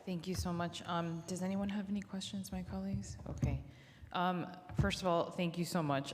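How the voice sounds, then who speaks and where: A woman council member chairing a public hearing, speaking earnestly in a halting way with many fillers and restarts, recorded in a city council chamber on a desk microphone. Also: fairly low pitch, fairly even intonation. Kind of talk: chairing a hearing, thanking witnesses. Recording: long reverb of a large chamber.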